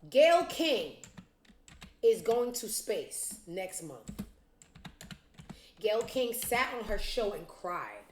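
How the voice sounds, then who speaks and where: A woman's voice: medium pitch, big pitch swings, takes it slowly, pauses often, echoey room, slight background noise. A woman hosting a casual commentary show, blunt, profane and sarcastic, talking straight to her viewers. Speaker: show host.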